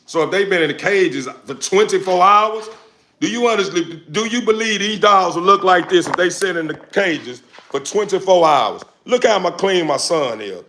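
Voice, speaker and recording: A man ranting at his chat on a livestream, his voice bright and forceful and pitched a little high. He talks in loose, slangy bursts, repeating phrases as he pushes back at critics. He has no mic clipped on, so the sound comes from the phone or camera. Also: animated, normal speed, slight background noise. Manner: loud, confrontational, repetitive, slangy. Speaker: dog breeder streamer answering chat. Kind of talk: livestream rant to viewers. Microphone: no lapel mic, phone or camera mic.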